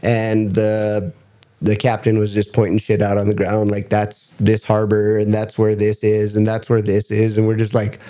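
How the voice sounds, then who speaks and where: A man telling stories as a podcast guest in casual chat, excitable and swearing freely. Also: lowish voice, moderate pace. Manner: excitable, profane storyteller.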